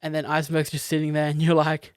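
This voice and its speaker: Podcast co-host, male, eager and rambly, slightly higher voice, dry booth sound. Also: monotone, quick pace, smooth, no echo. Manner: enthusiastic, rambling with many fillers. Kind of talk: casual film discussion.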